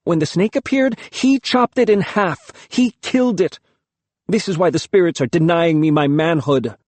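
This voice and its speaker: A man doing a shrill, defiant young boy. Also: fairly quick, a little mellow, dry recording, lightly acted. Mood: bitter accusing. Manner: shrill, cracking, raised voice. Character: defiant, desperate young boy on the edge of manhood. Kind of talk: audiobook character reading.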